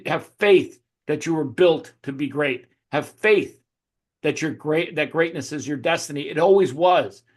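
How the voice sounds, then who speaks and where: A fired-up man with a fairly high voice preaches faith and fearlessness in a casual interview. He swears freely and slips into acted voices to drive his points home. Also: a little slow. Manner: animated, preachy motivational talk with swearing. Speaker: host.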